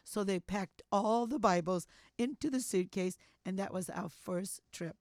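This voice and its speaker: An older woman telling a personal story as an interview guest, animated, acting out what people said and sprinkling in "you know.". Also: mid-range voice, a little slow, no room sound, studio quality. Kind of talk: storytelling testimony.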